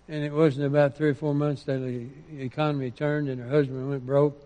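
A man preaching a sermon, quoting scripture with rising emphasis and dropping into quiet asides. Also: medium pitch, flat delivery, a little fast, few pauses, long reverb tail.

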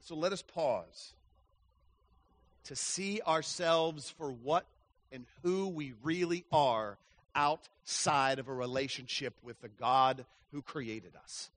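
A man preaching an evangelistic sermon, impassioned, swinging from hushed lines to loud ones and stacking words in slow emphatic runs. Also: mid-range voice.

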